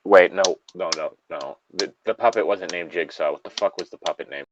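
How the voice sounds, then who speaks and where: Low-voiced and a little fast, this man co-hosts a podcast, casually reading a creepypasta aloud amid profanity, frequent laughter and wandering asides. Background noise is present, and the lo-fi recording sounds slightly dull.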